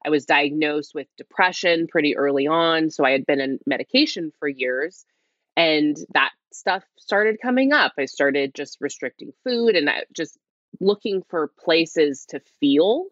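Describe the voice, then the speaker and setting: A woman with a low voice recounts her own story in a candid, hushed half-whisper. She rambles and restarts, leaning on "like" constantly. The audio is dull and lo-fi, with a dry, close sound. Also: lively intonation, unhurried, dry recording. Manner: rambling, heavy use of "like", restarts. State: speaking quietly, half-whispering. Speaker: interview guest.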